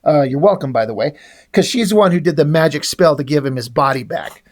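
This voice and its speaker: A comic book reviewer casually retells an issue's plot, reading the dialogue in his own voice and shifting only slightly for each character. He talks fairly quickly, with a voice on the high side and a somewhat dark tone.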